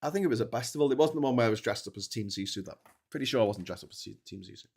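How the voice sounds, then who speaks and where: Brief: tired man, rambling livestream host, chatty, mid pitch. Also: expressive, very fast, darkish tone, husky. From Liverpool. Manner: rambling, chatty, full of fillers. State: tired from staying awake. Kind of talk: casual livestream chat.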